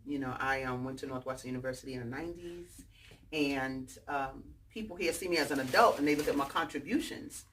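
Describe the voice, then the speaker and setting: A woman in her forties from New York with a New York accent, chatting in a lively, slangy way to an audience at a bookstore event. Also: a bass voice, fairly quick. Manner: animated, chatty, slangy storytelling. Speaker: author speaking at a bookstore event. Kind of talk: casual talk to a live audience. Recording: distant mic with faint background noise.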